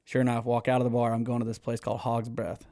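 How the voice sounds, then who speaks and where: This is a man in his thirties, guesting on a podcast and telling stories with lots of energy. He curses casually and laughs often. His pitch sits at an ordinary middle height, and the recording is dry and close. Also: quick pace, no room sound. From Texas. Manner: animated, swears freely, laughs often. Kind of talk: casual storytelling.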